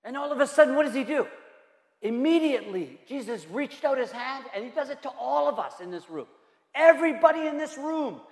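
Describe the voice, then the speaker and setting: Emphatic high-voiced male pastor in a roomy hall. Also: lively intonation, a little fast. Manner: emphatic, repetitive preaching with rhetorical questions. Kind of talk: sermon.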